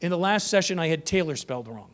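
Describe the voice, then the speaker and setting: Guy presenting to a room of teachers, high pitched, punchy and energetic. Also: quick pace. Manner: energetic, emphatic, varies pace for effect. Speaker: presenter at a teacher training conference. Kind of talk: conference presentation. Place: conference room.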